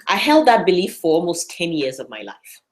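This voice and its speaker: Animated woman rallying a room. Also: fairly low pitch, fairly quick. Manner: animated and encouraging, fires rhetorical questions at the room. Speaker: speaker at a learning session. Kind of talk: motivational talk to a room. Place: church meeting room.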